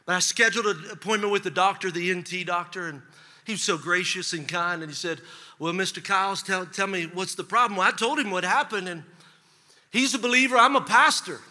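Male pastor, high voice, very bright and forceful, sermon with acted dialogue, long reverb of a church hall. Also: a little fast. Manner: animated storytelling, acts out dialogue. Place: church sanctuary.

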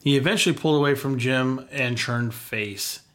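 A man's voice: medium pitch, normal speed, a bit bright. A man hosting a casual chat show, reading prepared notes and dropping wry quips. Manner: wry, reads facts with quips. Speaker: podcast host.

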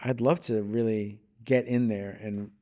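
A man's voice: fairly low pitch, steady tone, unhurried, mellow. A man chatting casually as a guest, rambling a little and slipping into playful bits of accents. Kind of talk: casual conversation.

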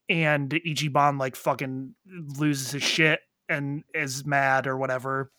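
Bright-voiced man excitedly retelling a plot. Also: medium pitch, no echo, clean studio sound. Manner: animated, profane storytelling with quick quoted voices. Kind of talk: casual chat retelling a video game plot.

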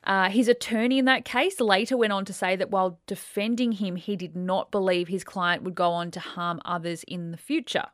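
A woman's voice: medium pitch, steady tone, moderate pace, hardly any pauses, no echo, clean studio sound. A woman co-hosting a podcast, telling a true crime story in a chatty, casual way.

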